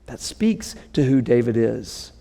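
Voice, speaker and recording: A man's voice: mid-range voice, very animated, measured pace, gravelly, mellow, in a large hall. A man preaching a sermon, reading scripture dramatically and breaking into casual asides to the congregation. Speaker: pastor.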